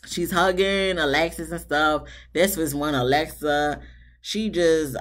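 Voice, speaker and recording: A woman's voice: low voice, a little slow. A woman giving a casual, sarcastic review of a TV episode, talking straight to her viewers and laughing between remarks. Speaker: TV show reviewer. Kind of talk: casual commentary vlog.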